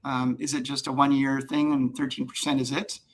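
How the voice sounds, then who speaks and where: A man's voice: mid-range voice, flat delivery, a little fast, low-quality recording. A man who works as a realtor, chatting on a panel in a jokey, upbeat way. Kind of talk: casual panel chat.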